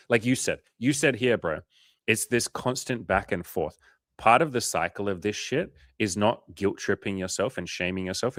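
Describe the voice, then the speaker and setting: A man's voice: fairly low pitch, fairly bright tone, dry recording, clean studio sound. A man coaching on a casual livestream, swearing freely and acting out his clients' voices as he answers questions from the chat.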